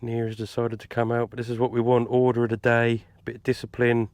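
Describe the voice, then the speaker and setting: A man's voice: medium pitch, completely flat delivery, brisk, a little mellow, dry recording. A man chatting casually to camera outdoors, explaining what he is doing as he goes. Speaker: vlogger and gundog handler. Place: outdoors on a country estate.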